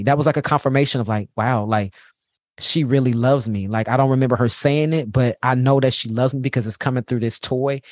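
A man in his forties hosting a podcast, talking about his own childhood and parenting in a heartfelt, halting way with many restarts. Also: mid-range voice, darkish tone, dry recording, studio quality. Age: 40s. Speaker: podcast host. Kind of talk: personal reflective monologue.

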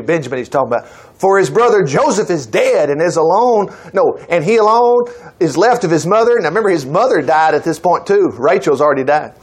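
A male preacher, reading scripture and retelling the story in an animated, conversational way, slipping into the characters' voices. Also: sits high, brisk, slightly rough. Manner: animated storytelling, voicing characters in quotes, repeating words. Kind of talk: sermon reading and explaining scripture.

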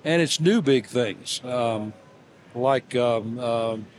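An older man speaks in a plain mid-range voice and tells homely stories as an interview guest. He pauses often and restarts his sentences, with a gentle, self-mocking humor. A faint hiss of noise sits under the voice. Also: mid-range voice. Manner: halting, with many fillers and restarts, gently humorous. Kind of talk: reflective storytelling interview.

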